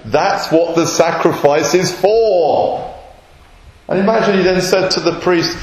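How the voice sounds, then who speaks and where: A man's voice: a little high, expressive, normal speed. A man, a messianic rabbi, preaching an earnest sermon and acting out short quotes. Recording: roomy echoey hall.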